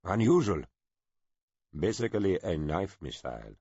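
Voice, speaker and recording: A man's voice: sits low, big pitch swings, measured pace, dark tone, breathy edge, no room sound, muffled recording, pitched above the performer's own voice, full character voice. A man doing a fidgety, apologetic envoy. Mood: awkward. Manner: hesitant, apologetic. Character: nervous bashful middle-aged male ship envoy.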